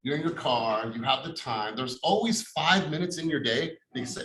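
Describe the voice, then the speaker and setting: Blunt, upbeat male coach rallying a workshop; roomy echo, steady background noise. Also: on the high side, normal speed, hardly any pauses. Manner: blunt, upbeat, swears casually. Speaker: real estate coach leading a workshop. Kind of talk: motivational workshop talk.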